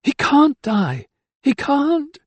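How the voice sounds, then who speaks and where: A man's voice: extremely high pitch, huge pitch swings, extremely slow, no room sound, voice pushed up, heavily acted. A man voicing a desperate young noblewoman who pleads in a raised, tearful voice in an audiobook. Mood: distraught.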